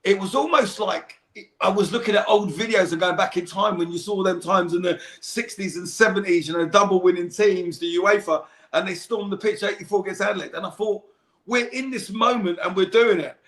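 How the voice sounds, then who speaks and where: A man talking in a casual podcast chat, emotional and animated, calling the host mate. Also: high voice, fairly quick, reverberant. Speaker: podcast regular, fan guest.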